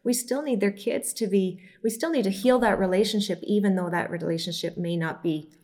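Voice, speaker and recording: A woman who runs a children's home, speaking earnestly in an interview with halting restarts. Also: medium pitch, darkish tone.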